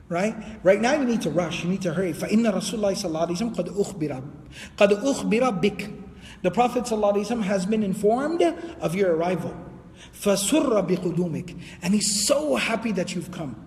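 A man giving an Islamic history lecture, telling the story in a lively way and quoting Arabic before translating it. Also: high voice, long reverb tail, slight background noise.

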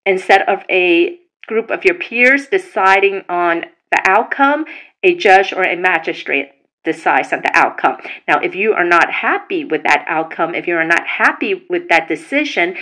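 A woman's voice: medium pitch, bright, forceful tone, rough recording. Chatty woman from New York explaining. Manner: chatty, addresses viewers directly, explains at length. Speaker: commentary vlogger. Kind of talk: casual explainer commentary.

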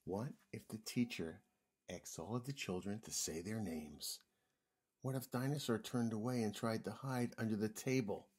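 Husky man reading a kids' book. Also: lowish voice, normal speed. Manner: gentle, expressive, with drops to a whisper. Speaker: children's book reader. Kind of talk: reading a picture book aloud to children.

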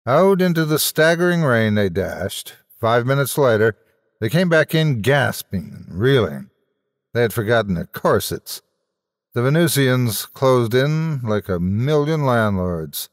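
A man's voice: medium pitch, lively intonation, a little slow. A male storyteller reads a comic tale with theatrical flair and a wry edge. His mid-range voice is recorded dry and close. A long reverb tail trails every phrase. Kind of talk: dramatic story narration.

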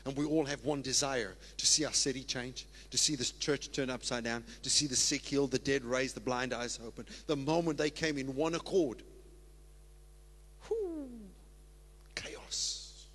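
A man preaching a sermon as pastor, moving from steady scripture reading to whoops and laughter. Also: mid-range voice, a little fast, hardly any pauses. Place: church sanctuary. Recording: long church-hall reverb.

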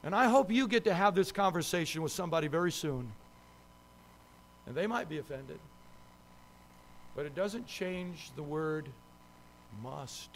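High-voiced man preaching a sermon. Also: a little hiss or hum. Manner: emphatic preaching with repeated words. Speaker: pastor.

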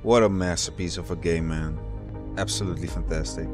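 A man's voice: deep voice, steady tone, fairly quick. A man commentating his video game playthrough, swearing often and getting frustrated as he fights. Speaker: gaming YouTuber. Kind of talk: let's play commentary. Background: video game music.

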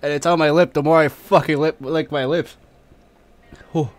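A man's voice: on the high side, steady tone, moderate pace. Casting: male streamer, casual chat, voice strained and sniffly from spice, swears a lot. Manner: pained, coughing and spitting, cursing freely. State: drooling, tearing up, sniffly.

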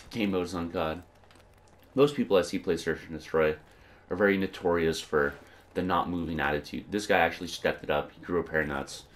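Young guy with a cold, stuffy nose, deep low voice, cussing a lot over gameplay, bit of hiss behind. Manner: profane, irritated, rambling. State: congested with a cold. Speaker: gaming video creator. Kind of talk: casual gameplay commentary.

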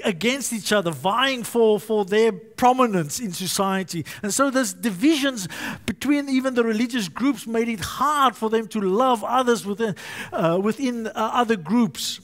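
A man's voice: very high voice, measured pace. A male pastor preaching a sermon, emphatic and fond of repetition and alliteration.

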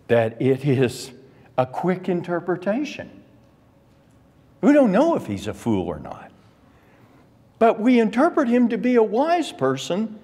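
An older man teaching an adult Bible class, deliberate and emphatic, leaning hard on key words. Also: high voice, warm tone, husky. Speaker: Sunday school teacher. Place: church classroom. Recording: long reverb of a church hall.

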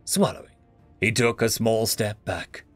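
A man narrating a science-fiction story in an expressive reading style. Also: on the low side, unhurried, no echo, faint music behind.

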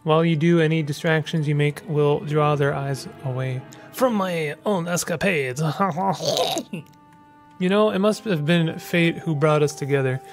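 A man's voice: a little high, a little slow, faint music behind. Man reading as Louis, a whiskered creature thief. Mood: scheming. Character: suave whiskered male creature thief, treasure-loving schemer. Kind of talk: reading game dialogue aloud.

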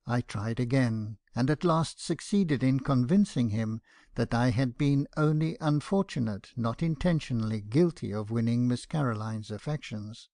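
Gravelly-voiced male audiobook narrator. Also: mid-range voice, normal speed, dark tone, no echo, studio quality.

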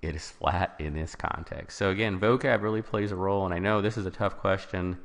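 A man's voice: sits low, fairly quick, vocal fry, long reverb tail. A man teaching a recorded test-prep lesson, explaining each answer choice in turn and restarting his sentences as he goes.

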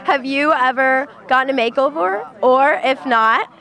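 Bubbly high-voiced woman interviewer. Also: measured pace, sharp tone. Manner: bubbly, enthusiastic. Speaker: red carpet interviewer. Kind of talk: upbeat red carpet interview. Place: outdoor red carpet at a film studio.

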